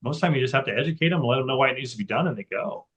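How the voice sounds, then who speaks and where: A man talks fast as a webinar guest. His speech is folksy and relaxed, and he keeps checking in with "you know.". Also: mid-range voice. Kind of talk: casual webinar conversation.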